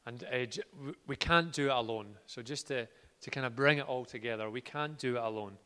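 A man preaching a sermon in an earnest way, moving from quiet words to loud ones. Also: mid-range voice, fairly quick, clean tone. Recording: reverberant hall.

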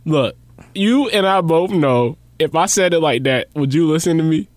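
A man's voice: a little high, animated, normal speed, no echo, studio quality. A young man in casual chat, telling profane stories and teasing his friend.

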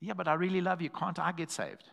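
A man's voice: fairly high pitch, fairly quick, creaky. A man preaching a sermon in a church, telling stories and calling out to the congregation. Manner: animated, calls to the congregation, acts out quoted voices. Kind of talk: sermon with storytelling.

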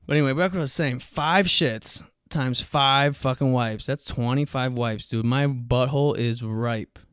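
A man's voice: medium pitch, moderate pace, clean tone, no echo, clean studio sound. A man hosting a solo podcast, ranting in a profane, rambling way and saying dude and bro constantly. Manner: loud shouting rants. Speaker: podcast host. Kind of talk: solo comedic rant.

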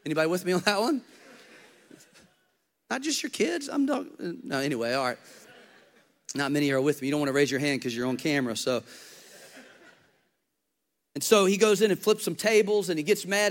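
Pastor, male, higher-pitched voice, energetic storytelling preacher with humor and big dynamic swings. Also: fairly quick, long pauses. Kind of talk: energetic sermon.

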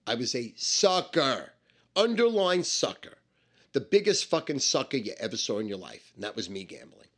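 Speaking at medium pitch and normal speed, a man tells an animated story from his past, swearing a lot and repeating himself for emphasis. He lays things out step by step and says the numbers more than once.

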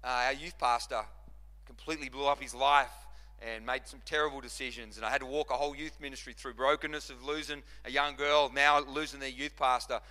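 A man's voice: mid-range voice, fairly even intonation, fairly quick, sharp tone. A man preaching a sermon as pastor, impassioned, repeating and restarting phrases as he drives his points home. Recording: long reverb of a large hall.

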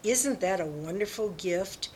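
A woman reading a Bible story for children in a gentle storytelling manner, giving the quoted lines a little lift. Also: mid-range voice, animated, measured pace, slight background noise, poor audio. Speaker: Bible lesson reader.

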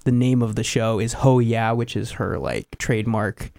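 A man's voice: on the low side, normal speed, vocal fry, a little mellow, no room sound. Young male podcast host, casual rambling chat, dry close sound. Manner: rambling, easygoing, frequent fillers.

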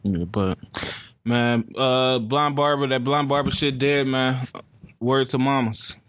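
A man's voice: mid-range voice, steady tone, takes it slowly, fairly bright tone, dry recording. A man co-hosting a podcast, chatting casually with friends, easygoing, with short reactions and swearing. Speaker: podcast co-host. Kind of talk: casual chat among friends.

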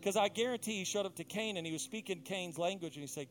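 A male pastor with a high-pitched voice preaches with passion, swinging from chatty asides to emphatic, rising peaks. Faint music plays underneath his sermon. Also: fast, few pauses.

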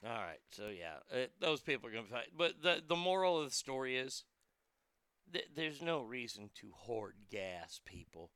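A man's voice: medium pitch, big pitch swings, normal speed, a bit bright, smooth, no room sound. A man working as a radio DJ, reading odd news and ranting about it in a sarcastic, crude, rambling way. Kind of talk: profane talk radio commentary.

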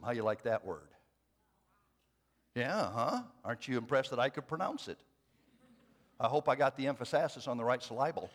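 Preaching to his congregation with light jokes, a man speaks in an animated, medium-pitched voice at a moderate pace, pausing often. His delivery shifts from hushed, quiet phrases to loud, emphatic declarations.

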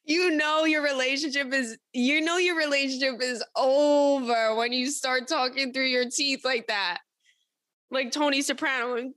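A young woman hosting an advice show, talking in a blunt, profane, animated way as she tells stories and reads listener letters. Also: high-pitched, unhurried, no echo, clean studio sound. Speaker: advice podcast host. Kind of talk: casual advice chat.

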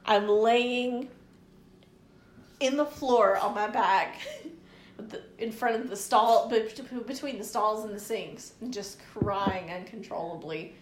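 A woman telling a story on a podcast in a lively, profane way, acting out what people said. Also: mid-range voice, slow. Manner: animated, profane storyteller who acts out quotes. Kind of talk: casual podcast chat.

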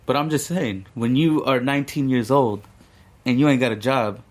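A man's voice: medium pitch, moderate pace. A young man co-hosting a podcast, telling a rambling story in casual, profane talk. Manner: profane, rambling, laid-back. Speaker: podcast co-host.

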